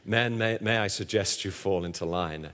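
A man's voice: low voice, moderate pace, voice pushed down. A man doing a mild, overly polite old army sergeant. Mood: gently polite. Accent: Liverpool. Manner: gentle, hesitant, genteel.

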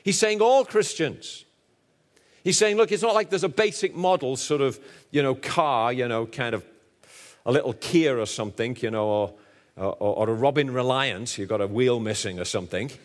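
A man with a Liverpool accent preaching a sermon with humor, his delivery swinging between booming emphasis and hushed asides. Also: normal speed.

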